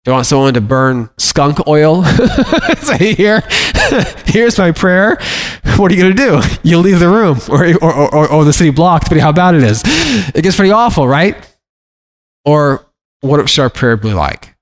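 A man's voice: fairly high pitch, lively intonation, fairly quick. A middle-aged man giving informal Bible teaching to a congregation, talking conversationally with frequent restarts and acting out plaintive prayers.

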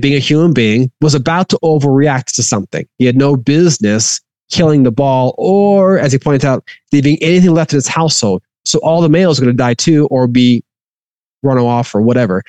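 A man's voice: fairly high pitch, fairly quick, a little mellow, dry recording. A man reading a scripture passage aloud and then explaining it in a conversational teaching manner. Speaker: Bible teacher.

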